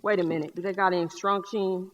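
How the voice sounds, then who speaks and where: A woman's voice: on the low side, fast, dull audio, pitched below the performer's own voice, natural voice. A woman in a one-person stage show playing a boisterous young Black man with a Southern accent, who talks in streetwise slang and tells stories with jokes. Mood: bossy. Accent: Southern US (North Carolina). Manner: streetwise slang, joking, lively storyteller. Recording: live theater hall reverb.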